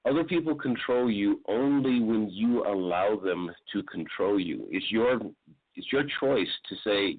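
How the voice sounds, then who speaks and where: A man with a very deep voice joins a talk show as a guest and explains his point calmly and casually. The sound is thin and narrow, like a phone call. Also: a little slow. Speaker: guest and blogger. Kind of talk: casual chat. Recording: tinny phone-like line.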